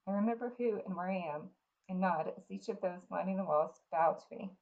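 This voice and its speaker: A woman reading a fantasy novel aloud in the first person, in an earnest, unhurried way. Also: on the low side, a little mellow, lo-fi sound. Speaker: reader.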